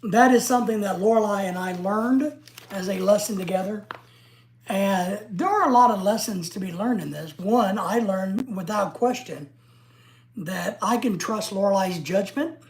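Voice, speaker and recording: Excitable ranting middle-aged woman. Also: mid-range voice, moderate pace. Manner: excitable ranting, blunt and profane. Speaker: livestream host. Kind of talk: casual livestream chat.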